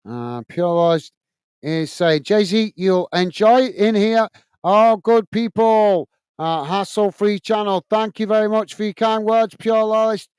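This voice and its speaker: Man as a friendly English football streamer, high clear voice, dry close mic, reading chat. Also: measured pace, dry recording. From England. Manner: chatty, friendly, grumbles at laggy software. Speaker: football channel host. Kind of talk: live watch-along chat reading viewer comments.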